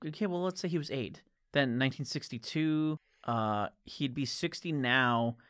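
A man chatting casually about a book, retelling scenes with lively quoted dialogue. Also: mid-range voice, moderate pace, clean tone, no room sound, studio quality. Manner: animated retelling, quoting characters. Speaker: podcast co-host discussing a book. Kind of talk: casual chat.

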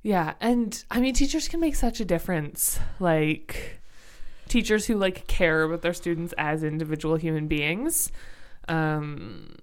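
A woman's voice: low-pitched, measured pace. A young adult woman co-hosting a book podcast, talking casually and thoughtfully, searching for words with many fillers.

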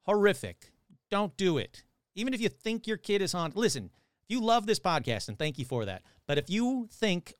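A man's voice: fairly high pitch, very animated, normal speed, fairly bright tone, no room sound, studio quality. A male podcast host reading odd news aloud with sarcastic, irreverent asides. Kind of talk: casual podcast commentary.

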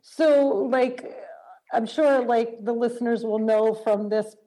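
A woman's voice: fairly high pitch, steady tone, takes it slowly, warm tone, poor audio. A woman hosting a casual interview, asking friendly questions and often saying "like". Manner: friendly, uses frequent "like" fillers. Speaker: interviewer, host.

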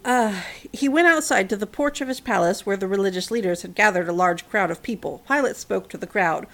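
A woman's voice: mid-range voice, a little fast, few pauses, fairly bright tone. A woman casually retelling a Bible story, mixing narration with chatty, wry asides and fillers.

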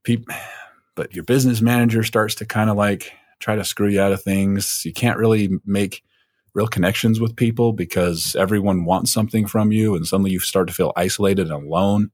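A man's voice: fairly low pitch, fairly even intonation, a little fast, darkish tone, no room sound, clean studio sound. A man spinning a long rambling story in casual chat, full of fillers.

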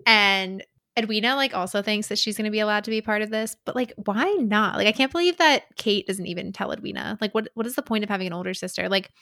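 Animated young woman, dry close sound. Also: mid-range voice, dry recording. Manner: animated, laughing asides, fillers, swears. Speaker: podcast co-host. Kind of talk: casual book discussion.

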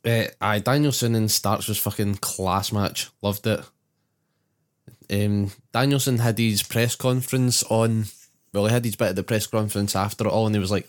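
Low-voiced Scottish man bantering. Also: steady tone, normal speed. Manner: sweary banter, running through recaps. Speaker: podcast co-host. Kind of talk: casual chat.

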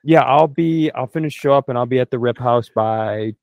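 A man's voice: medium pitch, normal speed, gravelly, a little mellow, no echo, lo-fi sound. A man on a podcast doing improvised comedy banter, profane and full of mock threats. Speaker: podcast co-host.

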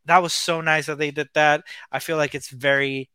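A man's voice: on the high side, little pitch movement, normal speed, bright, forceful tone, clear, resonant tone, no echo. A man co-hosting a casual TV review chat, talking in a rambling, enthusiastic way with many restarts. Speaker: podcast co-host.

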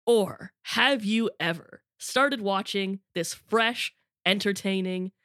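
A young woman hosting a podcast while fighting off a cold, her voice bright and sharp. She talks in a chatty, playful way and breaks into laughter often. The sound is dry and close, with no room to it. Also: medium pitch, slow, no room sound. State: has a cold, losing her voice. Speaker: podcast co-host. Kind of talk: casual podcast chat.

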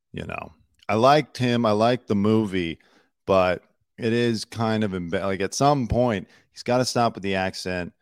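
A man hosts his own commentary show, rambling through opinions with plenty of "like" and "you know". His voice sits on the low side. The sound is dry and close, with no room around it. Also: clean tone, no echo. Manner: chatty, opinionated, many fillers. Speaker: host. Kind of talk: solo news commentary show. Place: home studio in Los Angeles.

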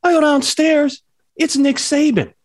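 A man chatting casually on a talk show, telling a lively story and voicing the people in it, often laughing. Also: very high voice, a little slow, no echo, clean studio sound. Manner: animated storyteller, voices his characters, laughs often. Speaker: podcast co-host, former football player.

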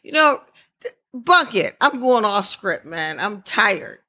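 Podcast host, from the Midwest, excitable and rambling, forceful bright tone, mid pitch. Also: takes it slowly. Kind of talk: casual podcast chat.

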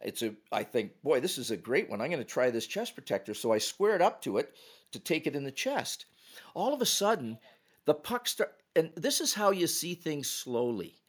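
An older man from Canada, a retired hockey referee and podcast guest, telling stories in a lively way and acting out quotes. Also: on the high side, normal speed, husky. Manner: animated storyteller acting out quotes. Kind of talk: podcast storytelling.

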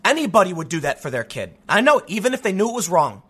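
This Chicago political commentator speaks fast and very animatedly, his high, bright voice forceful with a breathy edge. His sarcastic, heated monologue includes news excerpts read aloud and frequent restarts.

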